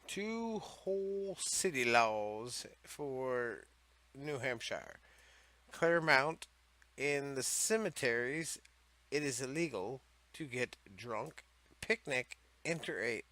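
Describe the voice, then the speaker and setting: Male host, sharp bright voice, loose sarcastic rambling commentary with swearing. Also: medium pitch. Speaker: host of a comedy series on odd laws. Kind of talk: casual comedic commentary.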